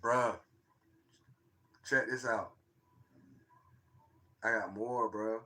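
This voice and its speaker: A man, excitedly commenting on his own phone footage for a live chat, repeating himself and tossing slang asides. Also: lowish voice, very slow. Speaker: streamer showing his own sky footage. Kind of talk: casual live-stream commentary.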